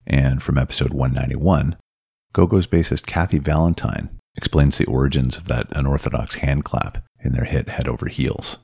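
A man's voice: a bass voice, gravelly, darkish tone, breathy edge, no echo, studio quality. A man hosting a music podcast, reacting with enthusiasm and laughing easily while introducing clips and asking questions. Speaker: podcast host. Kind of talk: casual interview chat.

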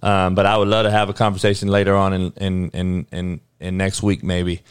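A man's voice: deep voice, flat delivery, fairly quick, few pauses, smooth, dry recording, clean studio sound. A man hosting a livestream, talking to his chat in a heated, profane way, firing off rhetorical questions and often stumbling over restarts. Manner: frequent restarts and stammered repeats. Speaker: livestream host. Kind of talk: casual livestream talk answering chat.

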